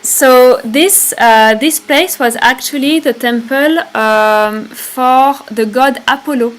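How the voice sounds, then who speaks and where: A woman's voice: fairly high pitch, low-quality recording. A woman with a French accent co-hosting a casual spiritual talk on a livestream, hesitant, repeating words and laughing easily. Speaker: retreat co-host.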